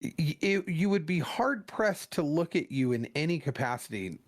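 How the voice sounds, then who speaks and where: A man's voice: on the high side, expressive, moderate pace. Chatty man reacting to a friend's story. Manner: reacting and probing with questions. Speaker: podcast co-host. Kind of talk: casual chat.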